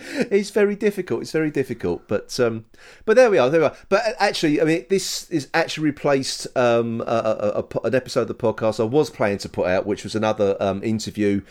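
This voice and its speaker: A man's voice: mid-range voice, animated, quick pace, darkish tone. A man co-hosting a podcast in casual, rambling chat, often restarting and joking. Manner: rambling, self-correcting, joking. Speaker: podcast co-host.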